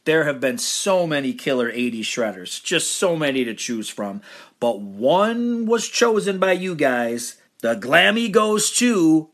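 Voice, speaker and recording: A man's voice: mid-range voice, big pitch swings, measured pace. A man with an American accent hosting a podcast award show, announcing winners in a playful, upbeat way. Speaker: podcast host.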